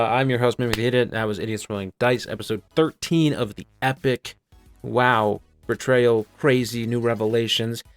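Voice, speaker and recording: Laid-back low-voiced male game master. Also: dry recording. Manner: casual, filler-heavy, relaxed. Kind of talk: running a tabletop game over voice chat.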